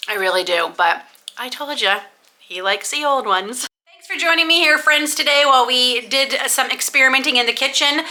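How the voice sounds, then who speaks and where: A middle-aged woman chatting through a home baking vlog in her kitchen, homey and quick to laugh. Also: a little high, bright, forceful tone. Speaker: homesteading vlogger.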